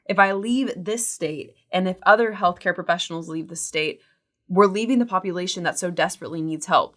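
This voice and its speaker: A woman's voice: on the low side, a bit bright. Woman co-host reading quotes, chatty. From Texas. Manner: reads article quotes aloud, chatty with laughs. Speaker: podcast co-host. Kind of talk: casual podcast discussion.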